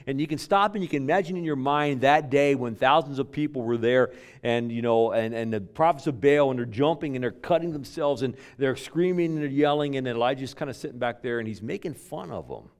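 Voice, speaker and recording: A man preaching a sermon as pastor, telling stories with repeated words and restarts, dropping from loud emphasis to hushed near-whispers. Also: mid-range voice, fairly quick, few pauses.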